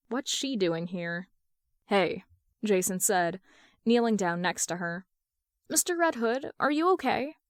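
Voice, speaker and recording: A woman narrating a fan fiction story aloud in an even, measured reading. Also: mid-range voice, no echo, clean studio sound. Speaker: podfic reader.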